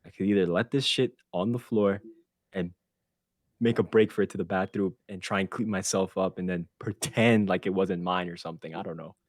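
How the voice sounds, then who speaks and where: A man with a somewhat low voice tells a story on a podcast, loose, animated and full of swearing. He breaks into laughter now and then. The sound is close and dry, with no room around it. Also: fairly quick, no echo. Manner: animated, profane, laughs through his story. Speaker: podcast host. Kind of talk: casual storytelling chat.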